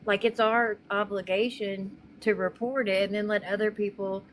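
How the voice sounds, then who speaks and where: A woman calmly explaining her view while chatting on a live stream. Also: medium pitch, moderate pace, slight background noise, rough recording. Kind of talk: casual live-stream chat.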